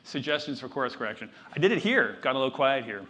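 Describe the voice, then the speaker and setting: A man's voice: mid-range voice, big pitch swings, fast talker, a bit bright. Casual, joking male conference keynote speaker. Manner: conversational and self-deprecating, with joking asides. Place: conference stage before a live audience.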